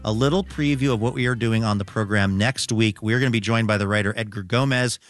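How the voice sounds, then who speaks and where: A man's voice: fairly low pitch, quick pace. A man hosting a radio show in an upbeat, friendly announcing manner. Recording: radio broadcast with music bed.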